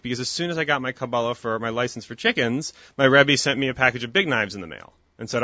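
A man's voice: mid-range voice, expressive, fast, hardly any pauses, bright, forceful tone. A man in his thirties, a company founder as interview guest, talking earnestly and at length with frequent restarts. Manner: earnest, talkative, restarts often. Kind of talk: casual interview chat. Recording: dull lo-fi dry recording.

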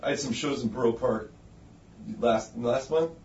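A man's voice: mid-range voice, normal speed, darkish tone. A man in a casual chat, telling stories and making dry quips. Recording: roomy muffled recording with faint hiss.

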